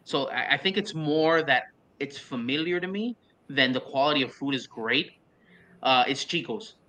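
A man who is a guest on a casual talk show, joking in an animated way. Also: mid-range voice, moderate pace. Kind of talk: casual chat.

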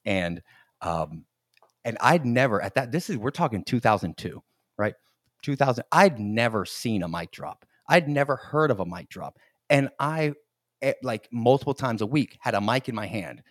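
A man's voice: fairly low pitch, dry recording, clean studio sound. A man in his forties hosting a podcast, telling funny stories in a casual chat, laughing often and acting out the quotes. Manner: animated storyteller, laughs often, acts out quotes. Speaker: podcast host.

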